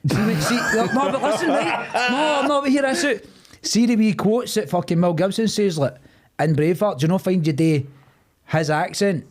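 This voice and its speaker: A Scottish man with a noticeably high-pitched voice, talking in loose, sweary podcast banter. He laughs often and jumps in over the others. His delivery stays rowdy and informal. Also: normal speed. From Scotland. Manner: sweary, laughs a lot, cuts in. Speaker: podcast co-host. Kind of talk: casual banter.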